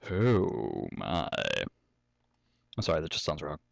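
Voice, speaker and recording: A young man's rumbling low, gravelly voice comes through slowly but very animated as he reads a fan story aloud at home, often stopping to joke, swear and laugh. The low-quality recording has no room sound.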